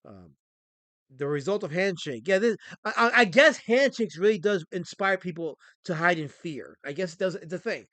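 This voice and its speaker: A man hosting a casual livestream, voice fairly high and sharply bright. He rambles and rants, restarting sentences as he goes, heard on a dry, close recording. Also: animated, normal speed, no echo. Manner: rambling, ranting, frequent restarts. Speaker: stream host.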